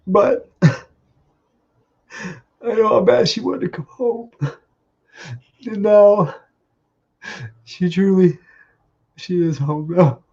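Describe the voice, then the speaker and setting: Man, grieving husband, warm mellow rasp, halting and tearful, lo-fi call sound. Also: high voice. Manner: halting, tearful, laughs through grief. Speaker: grieving husband sharing memories. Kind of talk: emotional memorial tribute. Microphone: video call.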